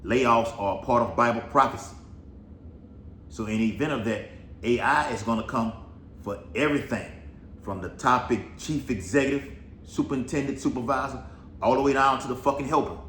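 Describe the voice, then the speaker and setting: A man's voice: mid-range voice, moderate pace, a bit bright. Profane rambling man in an echoey room. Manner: rambling, profane, keeps saying "all right". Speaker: Bible prophecy commentator. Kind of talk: casual preaching commentary. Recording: echoey room with faint noise.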